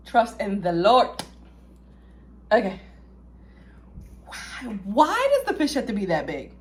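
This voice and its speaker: A young woman, vlogging a food review, dramatic and chatty, swinging from loud squeals to low mutters. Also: big pitch swings, takes it slowly, pauses often, slight background noise. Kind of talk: casual food-review vlog.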